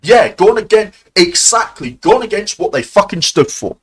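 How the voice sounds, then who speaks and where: Heated and halting, this streamer swears often and keeps restarting his sentences during an angry live-stream rant. His husky voice sits high and is expressive, and the recording is rough.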